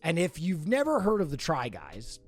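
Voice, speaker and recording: A man's voice: on the high side, wildly swooping pitch, moderate pace, soft background music. A man streamer giving a profane, emphatic commentary rant in a conversational way.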